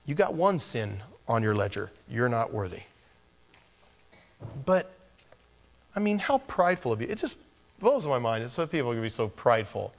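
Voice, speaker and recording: Conversational preacher man, hushed to emphatic. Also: mid-range voice, sing-song, moderate pace, creaky. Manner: conversational preaching, shifting from hushed near-whispers to emphatic exhortation. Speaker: pastor. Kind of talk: expository sermon.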